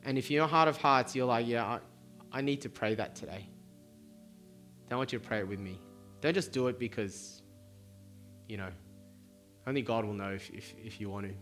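A man's voice: mid-range voice, brisk, fairly bright tone, faint music behind. A man who is a pastor, leading an earnest altar-call prayer at a church service and often repeating words as he speaks.

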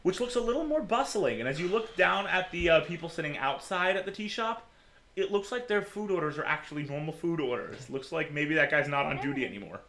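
Bright-voiced man running a tabletop game. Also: a little high, lively intonation, fairly quick, a little hiss or hum. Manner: laughs often while narrating. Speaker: game master.

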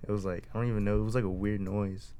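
A man's voice: fairly low pitch, little pitch movement, fast, mellow, smooth. A man co-hosting a podcast, telling a story in rambling casual chat full of "like". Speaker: podcast co-host.

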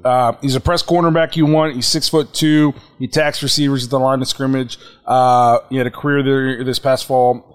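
A man's voice: mid-range voice, normal speed, clear, resonant tone. A man hosting a sports podcast in a studio, arguing and laughing in casual chat. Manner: animated, argumentative, laughs often. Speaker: podcast host.

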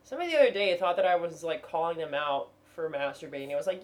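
Low-voiced, jokey woman comic. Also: animated, fast talker, slight background noise. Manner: profane, jokey, acts out quotes in put-on voices. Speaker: stand-up comic, podcast guest. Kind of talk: casual chat.

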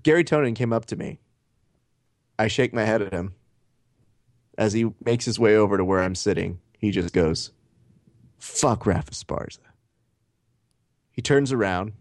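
A man co-hosting a podcast, telling animated stories and swearing casually. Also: fairly low pitch, normal speed, long pauses, dry recording, clean studio sound. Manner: animated storyteller, acts out quotes, swears. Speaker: podcast co-host.

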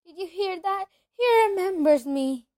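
A woman's voice: high voice, animated, normal speed, no room sound, clean studio sound. A woman doing Diddles Diggle, a squealing star-struck wizard. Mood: thrilled. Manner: gushing, breathless, squealing with delight. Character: excitable fawning little wizard man.

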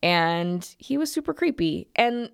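A woman's voice: lowish voice, very animated, unhurried, vocal fry, clean tone. A young woman co-hosting a podcast, telling a workplace story in casual chat with lots of fillers and acted quotes. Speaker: podcast co-host.

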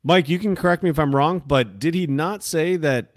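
A man's voice: a little high, moderate pace, no echo, clean studio sound. A man co-hosting a casual chat, talking emphatically and swearing. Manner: profane, emphatic. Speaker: podcast co-host.

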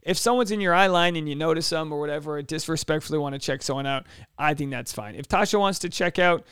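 A man's voice: quick pace, a bit bright, smooth, no echo, studio quality. A man hosting a solo podcast, talking casually and animatedly, with joking asides and acted-out quotes. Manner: acts out quoted voices with big pitch jumps. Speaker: podcast host.

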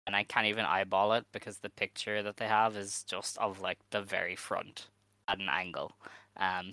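A man's voice: sits low, sharp tone, no echo. A man with a Dublin accent co-hosting a podcast in casual, joking chat, laughing easily. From Ireland. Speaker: podcast co-host.

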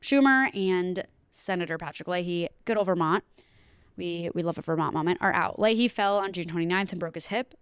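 A woman's voice: on the low side, brisk, smooth, no echo. A young woman, co-hosting a casual news podcast with chatty, jokey asides. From United Kingdom. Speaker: podcast co-host.

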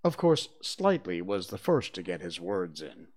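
Unhurried man reading a storybook aloud. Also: low voice. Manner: unhurried and expressive. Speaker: reader of a serialized book. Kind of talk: storybook read-aloud narration.

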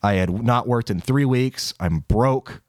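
A young college student co-hosting a podcast tells a long story at a measured pace, his voice a little mellow. It's casual, rambling chat laced with swearing and laughter, his voice jumping high in quotes, captured in studio quality with no room sound.

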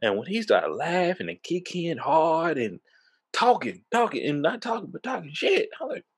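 Animated man telling a story. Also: on the high side, moderate pace, breathy edge. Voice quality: animated, emphatic storytelling with bursts of laughter. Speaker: storyteller recounting a party. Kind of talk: casual chat.

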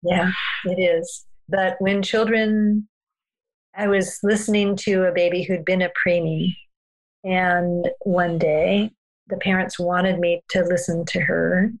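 A woman guest telling parenting stories in a calm, earnest, unhurried way during a podcast conversation. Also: lowish voice, rough recording.

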